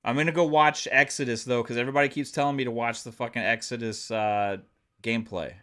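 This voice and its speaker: A man's voice: mid-range voice, steady tone, quick pace, a bit bright. A man chatting casually on a live stream, rambling with lots of fillers and swearing freely. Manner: rambling, many fillers, profane.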